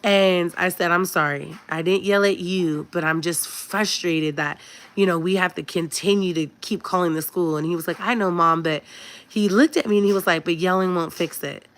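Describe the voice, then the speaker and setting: A woman's voice: fairly low pitch, moderate pace. Chatty woman giving parenting advice. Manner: chatty and emphatic, addresses viewers as y'all. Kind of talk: casual direct-to-camera advice talk.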